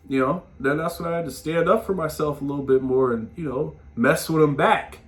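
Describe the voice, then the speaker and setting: A man talks straight to his audience in a casual storytelling monologue. His voice sits a little high. He speaks in loose slang and swears freely. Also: fast, few pauses. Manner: animated, slangy, swearing, frequent "man" tags. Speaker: podcast host giving advice.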